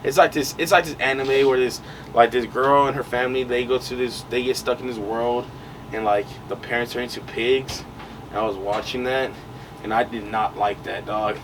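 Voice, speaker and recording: A man's voice: mid-range voice, fairly even intonation, moderate pace. Young guy rambling a story on a podcast, lots of like and you know, far from the mic, ac hum behind. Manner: rambling, slangy, lots of fillers. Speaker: podcast co-host. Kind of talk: casual storytelling chat. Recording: distant mic with noise behind.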